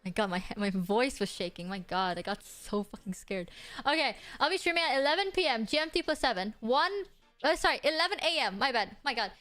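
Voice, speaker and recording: A woman's voice: a little high, big pitch swings, a little fast, fairly bright tone, faint music behind. A woman streamer chatting casually on a livestream, playful and swearing freely.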